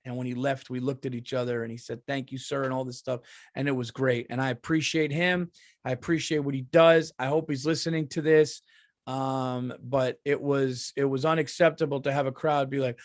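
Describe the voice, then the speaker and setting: Profane New comedian ranting. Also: male voice, medium pitch, fairly quick, no echo, clean studio sound. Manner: profane, animated, repeats himself. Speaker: comedian podcast host. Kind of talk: casual monologue rant.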